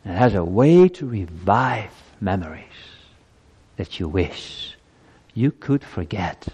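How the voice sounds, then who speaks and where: A man in his fifties preaching a sermon, moving from quiet reflection to loud, urgent appeals. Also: deep voice, animated, slow pace, breathy edge. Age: 50s.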